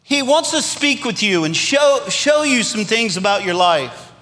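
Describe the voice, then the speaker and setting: A middle-aged pastor from Louisiana with a Cajun accent, preaching a sermon with rising emphasis and calls for amens. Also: male voice, high-pitched, sing-song, measured pace, pushed and bright. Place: church sanctuary. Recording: long hall reverb.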